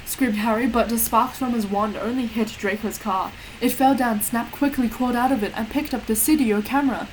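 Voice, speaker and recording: Brief: woman narrating a fanfic deadpan, slightly high voice, faint hiss. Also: a little fast, hardly any pauses, poor audio. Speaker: reader. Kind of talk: dramatic comic reading of a fanfic.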